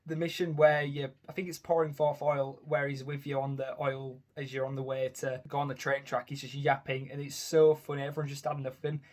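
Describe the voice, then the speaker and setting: A man's voice: medium pitch, little pitch movement, fairly quick, few pauses. A man hosting a casual gaming video, chatting about characters and often tacking on tag questions. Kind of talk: casual tier-list commentary.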